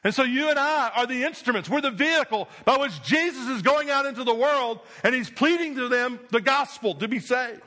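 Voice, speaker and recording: Emphatic high-voiced male preacher. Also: expressive, a little fast, few pauses, bright, forceful tone. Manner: preaching with rising emphatic repetition, dropping low for stress. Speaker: pastor. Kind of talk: sermon.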